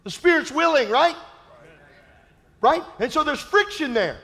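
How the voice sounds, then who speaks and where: A male pastor preaching a sermon, emphatic and repetitive, with playful asides and sudden shouted peaks. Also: extremely high pitch, expressive, a little slow.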